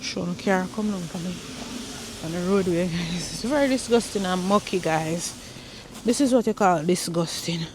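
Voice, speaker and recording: A woman's voice: fairly low pitch, normal speed, background noise. A young woman, chatting casually to her viewers as she vlogs on snowy streets. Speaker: vlogger. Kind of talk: casual vlog chat.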